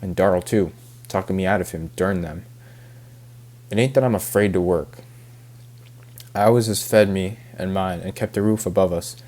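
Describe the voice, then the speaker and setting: A man reading aloud as a self-pitying older backwoods farmer, halting over the rural dialect. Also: low voice, a little mellow, lightly acted.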